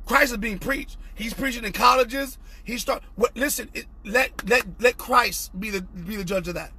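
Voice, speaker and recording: A young man preaching an impassioned online sermon, fervent and repetitive, often shouting, with a husky voice. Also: extremely high pitch, normal speed, slight background noise. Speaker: pastor.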